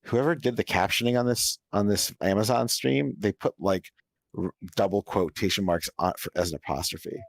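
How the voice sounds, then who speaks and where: A man's voice: fairly low pitch, moderate pace, gravelly, no room sound. A man in casual group chat, asking questions and joking with hesitant restarts. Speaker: watch-along co-host.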